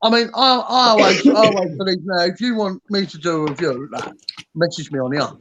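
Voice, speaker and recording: A man's voice: high voice, a little fast, heavy background noise. A man from the UK in casual, blunt banter, swearing freely as a podcast host. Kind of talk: casual chat.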